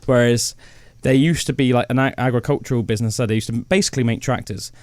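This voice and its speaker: A man co-hosts a casual podcast, telling a story in a loose, rambling way full of fillers. His pitch sits in the middle range. The sound is dry and close, with no room around it. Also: fairly even intonation, fast talker, a little mellow, no room sound. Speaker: podcast co-host. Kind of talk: casual chat.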